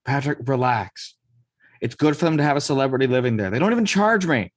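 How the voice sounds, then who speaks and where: A man reading the part of a washed-up male movie star in an amateur script table read, drifting between low mumbles and sudden shouts. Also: lively intonation, a little fast, dry recording, lightly acted.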